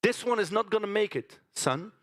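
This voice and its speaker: A man voicing a stern, matter-of-fact farmer father who speaks firmly and calmly, like a lecture. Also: high-pitched, moderate pace.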